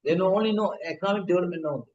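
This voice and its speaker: A man giving a scripture lecture, pausing often with fillers and restarts. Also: high voice, narrow, tinny audio, slight background noise. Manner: halting, frequent fillers and restarts. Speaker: spiritual teacher. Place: temple hall. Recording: echoey hall.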